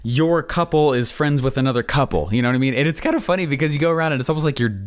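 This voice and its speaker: A man's voice: fairly high pitch, very fast. A man hosting a podcast, telling stories in a rambling, opinionated, casual way. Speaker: podcast host.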